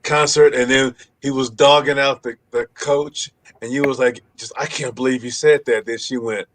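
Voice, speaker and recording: A man's voice: medium pitch, steady tone, normal speed, fairly bright tone. A man co-hosting a podcast, asking loose, rambling questions in casual chat. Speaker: podcast co-host.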